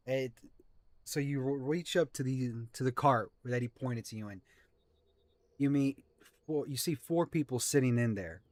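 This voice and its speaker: A man's voice: mid-range voice, a little mellow, no room sound. Man, game master, casual rambling narration, dry sound. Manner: loose, rambling narration with restarts.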